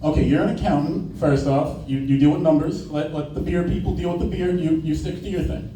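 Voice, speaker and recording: A young male comic tells loose, profane stories in a fairly high voice with a dark, mellow tone. He stands back from the mic, so the sound is roomy and echoey, with a faint hiss underneath. He slips into quick put-on voices while he tells stories. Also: fairly even intonation, far from the mic. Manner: casual, profane storytelling with brief put-on voices. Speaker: stand-up comedian. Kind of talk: stand-up set. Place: small open-mic room.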